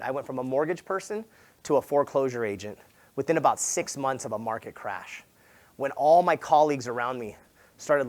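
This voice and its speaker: Speaking at a sales summit, this real estate agent from Southern California gives a high-energy motivational keynote built on stories. His delivery is loose and animated, sprinkled with "like" and "right?", and quoted lines burst out as he performs them with abrupt jumps in loudness and pitch.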